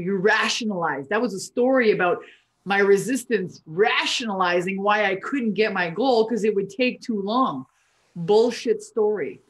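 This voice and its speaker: A middle-aged woman from Canada, a business coach giving a blunt, profane, emphatic motivational talk on a live stream from her home office. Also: mid-range voice.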